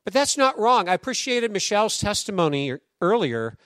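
A man preaching a sermon in a conversational, animated storytelling way, acting out quoted voices. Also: high voice, normal speed, dry recording, clean studio sound. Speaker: pastor.

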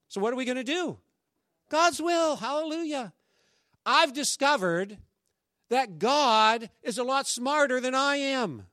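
High-voiced pastor preaching conversationally. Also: male voice, no room sound, studio quality. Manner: animated, conversational preaching with acted-out quotes. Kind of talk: sermon.

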